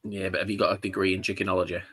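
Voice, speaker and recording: A man's voice: deep voice, level tone, very fast, fairly bright tone, breathy edge. A man co-hosting a casual football watchalong chat, jokey and full of banter. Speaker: podcast co-host.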